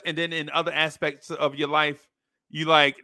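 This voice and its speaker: Man, podcast host, blunt slangy rant, mocking tone, bright edgy voice, slightly high pitch. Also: flat delivery, moderate pace, no room sound, studio quality. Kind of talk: opinion rant to camera.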